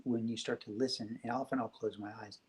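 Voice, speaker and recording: A man speaking as a guest on a spiritual talk show, telling stories in a gentle, reflective way. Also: mid-range voice, steady tone, fairly quick, poor audio.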